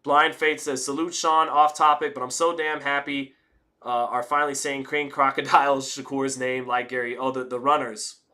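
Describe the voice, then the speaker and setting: A man's voice: mid-range voice, little pitch movement, normal speed, bright, forceful tone. A man hosting a live fight-commentary stream, reading chat messages aloud in a laid-back way that slides between formal talk and slang. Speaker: livestream host reading chat.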